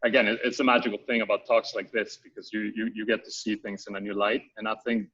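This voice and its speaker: Host, man, low and flat delivery, hesitant repeats, dull lo-fi sound. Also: quick pace, husky. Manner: hesitant, many repeats, passes questions to guests. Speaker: panel host. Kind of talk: casual panel talk.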